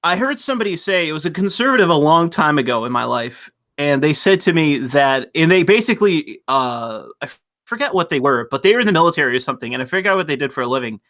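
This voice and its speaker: Man, bright tense voice, slightly high, casual profane chat, animated storytelling. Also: fast talker. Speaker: streamer host.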